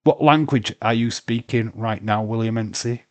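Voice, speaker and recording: Man, livestream host, lowish voice, teasing and argumentative, dry sound. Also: normal speed, dry recording. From Britain. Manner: bantering, argumentative, laughs often. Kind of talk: casual livestream chat.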